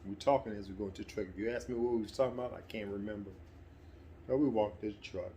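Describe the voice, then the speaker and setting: A middle-aged man with a somewhat low voice tells a personal anecdote in an easygoing, conversational way. He slips into livelier, more animated delivery now and then. A faint hum of ambient noise sits behind him. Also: quick pace. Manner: relaxed, conversational, breaks into animated quoted voices. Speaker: storyteller. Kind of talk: casual spoken anecdote.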